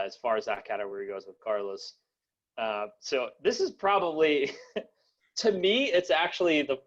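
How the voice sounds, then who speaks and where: A man's voice: mid-range voice, dull audio. A young man hosting a podcast in casual chat, rambling with many fillers and restarts and laughing often. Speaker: podcast host.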